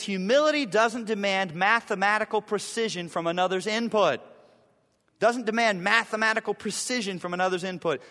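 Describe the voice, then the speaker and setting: A high-voiced male pastor preaches with a lively, swooping delivery, jumping into little character voices for the people he quotes. His words ring out with the long reverb of a big church hall. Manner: animated, acts out quoted people in shifting voices. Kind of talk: sermon. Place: church sanctuary.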